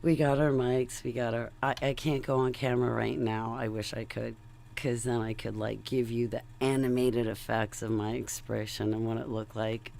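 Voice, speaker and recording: A woman's voice: a bass voice, steady tone, moderate pace, creaky, darkish tone. A woman vlogging in a casual, rambling, digressive monologue, chatty and talking to her viewers. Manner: rambling, chatty, digressive, laughs between thoughts.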